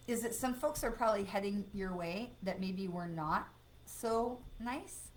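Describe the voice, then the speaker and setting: A woman reads cards on a live stream in a casual, chatty way, warm and encouraging with her viewers. She breaks off now and then to ban spammers. Her voice sits in a middle register over a faint background hiss. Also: mid-range voice, unhurried. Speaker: psychic medium doing live card readings.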